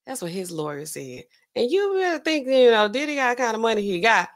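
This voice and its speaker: A woman's voice: fairly high pitch, brisk. A woman pharmacist hosting a casual livestream, chatting loosely with features, reading out viewers' comments, laughing often and reacting with big swings in her voice. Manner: chatty, animated, laughs often, talks back to chat.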